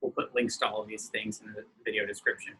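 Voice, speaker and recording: Bright-voiced, playful male interviewer. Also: lowish voice, little pitch movement, a little hiss or hum, poor audio. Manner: playful, teasing, quick questions. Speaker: interviewer, church organist. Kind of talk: casual interview.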